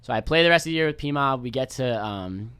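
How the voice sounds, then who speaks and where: A man's voice: mid-range voice, lively intonation, a little fast, fairly bright tone, smooth, no room sound. A young man from New York, a podcast guest telling rambling, laid-back stories and swearing freely. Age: young adult. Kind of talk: casual storytelling chat.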